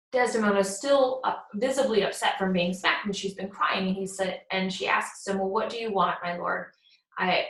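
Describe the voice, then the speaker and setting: A woman summarizing a play for a class in a loose, casual way, jumping into the characters' lines as she goes. Her voice sits at an ordinary middle pitch. The room around her is noticeably echoey. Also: a bit bright. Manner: retells scenes, acting out quotes in paraphrase. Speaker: teacher. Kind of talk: casual plot summary lecture.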